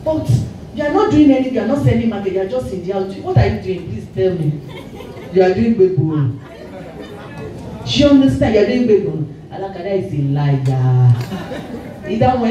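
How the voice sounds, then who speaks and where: A Nigerian actress giving a lively motivational talk to a live audience, telling stories and slipping into Yoruba. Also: female voice, lowish voice, highs cut off. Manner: lively storytelling, mixing in Yoruba, often laughing. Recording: echoey hall, voice far from mic, faint noise.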